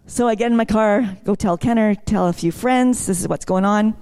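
A woman's voice: medium pitch, moderate pace, darkish tone, clean tone. A middle-aged woman sharing a personal testimony in church, telling her story in a chatty way that rises into fervent praise. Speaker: worship leader sharing a testimony.

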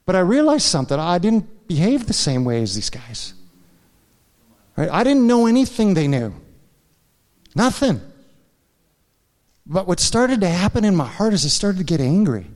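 A man's voice: high-pitched, sing-song, moderate pace, long pauses, a little mellow, long reverb tail. A man preaching a sermon in a church, telling a candid personal story and checking in with the congregation with frequent asides. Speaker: pastor. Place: church sanctuary.

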